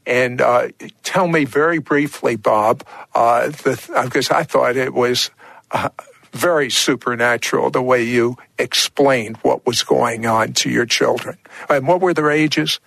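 Gravelly male host, dry close sound. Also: medium pitch, a little slow, a bit bright, dry recording, low-quality recording. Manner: hesitant questioning with many fillers. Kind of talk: talk show interview.

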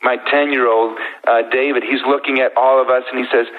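A middle-aged man telling his personal story as a guest, earnest and heartfelt with slow pauses. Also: medium pitch, flat delivery. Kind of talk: emotional personal testimony. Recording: thin phone-like sound.

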